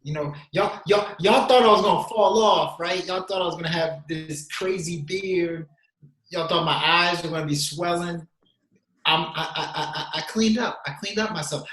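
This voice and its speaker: A man's voice: a little high, normal speed, fairly bright tone. A man co-hosting a podcast over a video call, chatting casually in a laid-back, joking way. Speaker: podcast co-host. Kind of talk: casual chat. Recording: echoey room.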